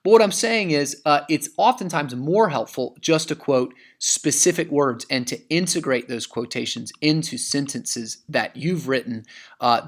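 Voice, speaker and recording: A man's voice: medium pitch, a bit bright. A male English teacher in a recorded lesson, explaining essay writing with many fillers and restarts and reading quotations aloud punctuation and all. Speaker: high school English teacher. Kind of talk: recorded lesson walking through an essay example.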